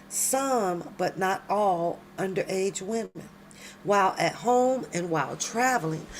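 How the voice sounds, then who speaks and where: Woman doing chill late night commentary, slangy and punchy, lowish voice, takes her time. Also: a little hiss or hum. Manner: talks to viewers directly, loud emphatic outbursts, slangy. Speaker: commentary channel host. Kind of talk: late-night casual commentary, reading aloud. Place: home at night.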